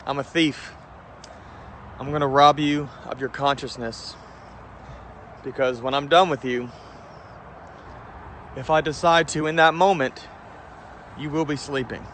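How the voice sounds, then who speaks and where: A man's voice: a little high, steady tone, unhurried, pauses often, fairly bright tone, slight background noise. Cocky man trash-talking outdoors. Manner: taunting, cocky, mocking. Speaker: fighter calling out a rival. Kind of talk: trash-talk callout video.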